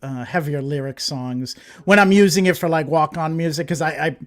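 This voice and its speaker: A man's voice: on the high side, a little fast. A man co-hosting a casual chat show, making dry jokes with a lot of hesitant fillers. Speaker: co-host.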